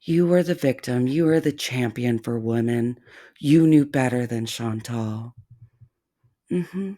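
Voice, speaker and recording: A man hosting a reaction commentary, speaking in a sarcastic, mocking way with deliberate, drawn-out phrasing. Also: mid-range voice, dark tone. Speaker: commentary channel host.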